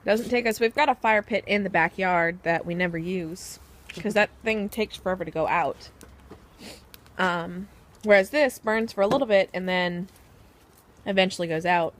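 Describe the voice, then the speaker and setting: A woman's voice: medium pitch, normal speed. A woman vlogging in a casual, chatty way, laughing often as she talks. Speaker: beauty vlogger. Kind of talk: casual vlog chat.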